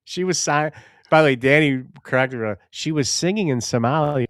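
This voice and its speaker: A man co-hosting a live podcast stream in casual banter, loud, animated, rambling and profane. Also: mid-range voice, fast, dry recording, clean studio sound. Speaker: podcast co-host.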